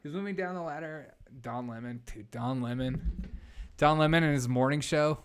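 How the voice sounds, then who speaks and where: A man's voice: fairly high pitch, normal speed, smooth. A young man hosting a casual live stream, rambling bluntly and reading out viewer comments. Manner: blunt, rambling, reads chat aloud.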